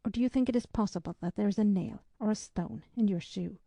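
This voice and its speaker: A woman reading the part of a courteous, gentlemanly English army captain, soothing and a little masterful, in a dry, mellow voice. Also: mid-range voice, fast talker, gravelly, no room sound.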